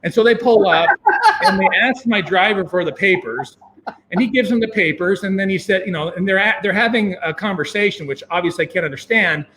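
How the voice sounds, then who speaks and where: High-voiced man telling a lively story. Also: fairly quick, noisy background. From United States. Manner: animated, acts out his own past thoughts with sudden jumps in pitch; rambling, with many fillers and restarts. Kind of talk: casual storytelling.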